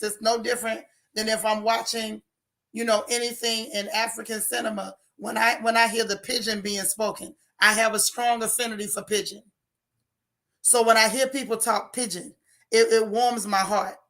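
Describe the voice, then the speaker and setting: A woman's voice: fairly high pitch, bright, forceful tone. A woman with a Florida accent hosting a casual livestream, reading viewer comments and repeating her points with emphasis.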